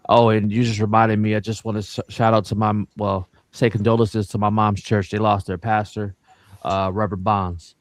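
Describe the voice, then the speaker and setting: A sincere, soft-spoken man co-hosting a casual podcast. His voice sits low, and the sound is dry and close, with no room around it. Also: flat delivery, moderate pace, dry recording. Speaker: podcast co-host.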